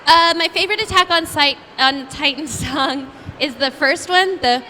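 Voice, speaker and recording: A young actress answers fans at a convention panel in a high, bright voice. She rattles through stories with a bubbly, self-mocking ease, full of "like" and quick asides. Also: big-room sound, a little hiss or hum. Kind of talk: animated storytelling at a fan Q&A.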